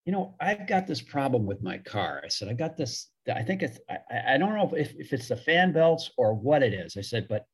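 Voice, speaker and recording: A husky middle-aged man on a podcast, warmly spinning a long anecdote. His voice sits in an ordinary middle register with a slightly rough edge. He acts out the people he quotes as he goes. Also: medium pitch, sing-song, moderate pace, few pauses. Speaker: hockey broadcaster. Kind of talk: storytelling podcast interview.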